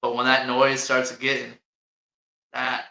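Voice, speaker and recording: A man's voice: medium pitch, completely flat delivery, slow, gravelly, sharp tone, reverberant, low-quality recording. A man with an Indiana accent hosting a casual sports chat, rambling and jokey and laughing often. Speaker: podcast host.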